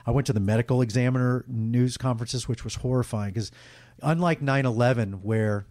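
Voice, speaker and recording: A middle-aged sportscaster telling emotional, candid stories in a casual interview, rambling with restarts. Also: male voice, medium pitch, brisk, darkish tone, no room sound, studio quality. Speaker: guest, sportscaster.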